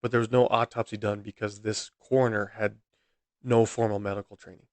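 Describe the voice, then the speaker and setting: A man's voice: mid-range voice, moderate pace, no room sound. Male solo podcast host, mid-range voice, exasperated and rambling, dry close-mic sound. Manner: exasperated, repeatedly outraged, rambling with restarts. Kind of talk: solo true-crime podcast narration.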